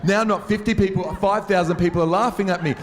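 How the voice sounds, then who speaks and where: A worship leader telling a funny, self-mocking story to a live audience in a large venue, speaking conversationally into a stage mic. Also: male voice, high-pitched, steady tone, fast talker. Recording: long reverb of a large hall.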